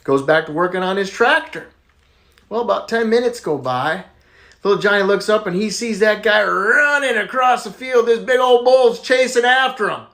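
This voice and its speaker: A man telling a string of jokes in a casual, animated way, jumping up in pitch for the punchlines. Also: normal speed. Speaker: joke teller.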